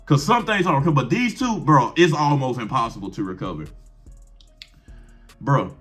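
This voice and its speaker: A man's voice: mid-range voice, animated, a little fast, fairly bright tone, faint music behind. A young man giving blunt, profane relationship advice to camera in brash slang, firing off rhetorical questions. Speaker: advice vlogger.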